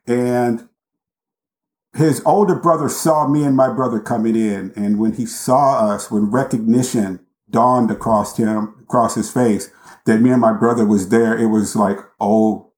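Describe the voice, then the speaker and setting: Male guest, intense deliberate storyteller, mid-pitched, recorded in an echoey room. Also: steady tone, a little mellow. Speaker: podcast guest. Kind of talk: storytelling in an interview. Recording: roomy echo.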